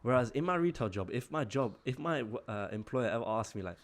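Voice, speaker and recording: A man's voice: medium pitch, expressive, brisk, fairly bright tone. A man of twenty-two, telling a casual story-time vlog in a chatty, exasperated way, full of "like" fillers. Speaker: vlogger.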